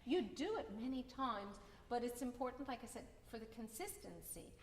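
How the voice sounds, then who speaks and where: A woman's voice: fairly high pitch, expressive, moderate pace, slight background noise. A woman teaching a piano masterclass, encouraging and singing phrases to demonstrate. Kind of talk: masterclass coaching. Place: concert hall with piano. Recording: echoey hall with piano playing.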